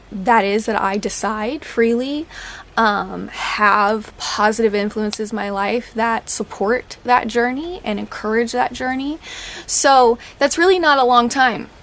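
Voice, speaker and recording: A woman, talking candidly as a podcast host, chatty and laughing through dark jokes. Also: mid-range voice. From Oklahoma. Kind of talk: casual personal talk.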